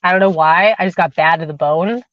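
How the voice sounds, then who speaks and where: A woman hosting a spiritual livestream and reading tarot, talking casually and warmly to viewers, repeating phrases for emphasis. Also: fairly low pitch, brisk, very noisy. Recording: dull, lo-fi, dry livestream audio.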